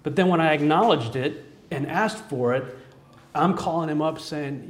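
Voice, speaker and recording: A man's voice: fairly high pitch, moderate pace, a little hiss or hum. A man giving an earnest personal testimony as a sermon, telling his story with frequent chuckles. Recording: echoey room.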